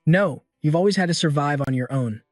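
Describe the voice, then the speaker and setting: Guy doing a cold calm young swordsman, firm and grim, dry close mic, faint music behind. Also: on the high side, a little fast, dry recording, natural voice.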